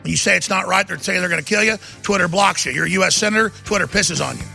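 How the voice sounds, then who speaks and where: Gravelly, bright ranting man host. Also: sits high, quick pace, soft background music. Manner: emphatic, ranting, restarts and rising intensity. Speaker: talk show host. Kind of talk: political talk show monologue.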